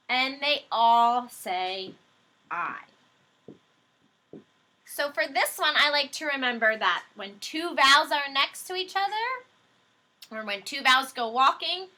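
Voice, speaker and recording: A woman teaching a phonics lesson to young children, slow and patient as she explains each rule step by step. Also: on the high side, bright, forceful tone.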